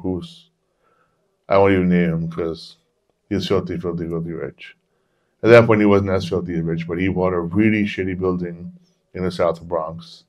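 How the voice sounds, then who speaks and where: A man co-hosting a podcast, telling a long personal story in a rambling, casual way and swearing freely. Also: deep voice. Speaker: podcast co-host. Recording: dull lo-fi podcast audio.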